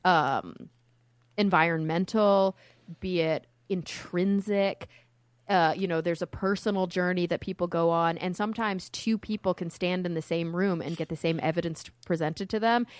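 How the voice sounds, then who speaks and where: Casting: American woman, low register, outspoken and animated guest, dry close sound. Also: moderate pace, no echo. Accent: none, no Southern accent. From Texas, USA. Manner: outspoken, animated, talks in long rambling stretches. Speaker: guest, science communicator. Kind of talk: casual podcast interview.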